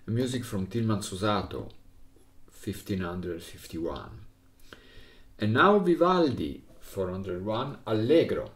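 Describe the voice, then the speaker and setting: A middle-aged man with an Italian accent teaching the recorder in halting English, counting and singing rhythms. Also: on the low side, lively intonation, reverberant. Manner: halting non-native English, sings rhythms with syllables. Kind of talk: music lesson.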